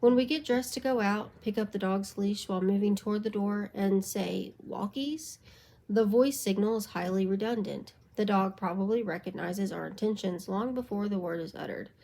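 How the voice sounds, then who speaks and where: A woman reads a textbook aloud late at night and sounds sleep-deprived. Her voice is soft and mellow, with a steady reading pace. Now and then she trips over a word and calmly corrects herself. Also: mid-range voice, creaky, low-quality recording. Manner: steady reading with occasional stumbles and self-corrections. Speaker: reader of a book aloud.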